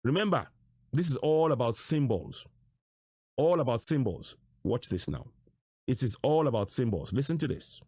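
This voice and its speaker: Emphatic man, lively pitch. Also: normal speed, slightly rough. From Nigeria. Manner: emphatic, repeats rhetorical questions and phrases. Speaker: political commentator. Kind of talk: online commentary on shared on-screen material.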